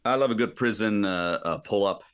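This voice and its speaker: A man's voice: fairly low pitch, moderate pace, a bit bright, slight background noise. A man co-hosting a podcast in casual chat, rambling with frequent restarts and laughs. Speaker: podcast co-host.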